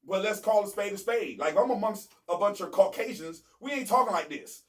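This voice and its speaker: A man with a high voice rants about football, getting louder and more emphatic as he builds his case. He sits a bit back from the mic, so his voice sounds slightly distant. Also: brisk. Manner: emphatic, rising to near shouts, repeats "you know what I'm saying". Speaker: sports show host. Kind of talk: heated sports debate.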